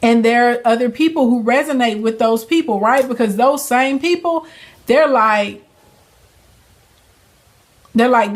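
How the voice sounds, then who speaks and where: A woman's voice: on the high side, normal speed. A young adult woman hosting a casual phone livestream, chatting sassily with viewers and laughing often. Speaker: livestream host and business coach.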